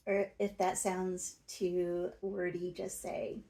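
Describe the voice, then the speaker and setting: A woman's voice: lowish voice, level tone, takes it slowly, mellow, rough recording. A woman talking straight to her audience in a coaching, plain-spoken advice monologue. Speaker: self-help video host.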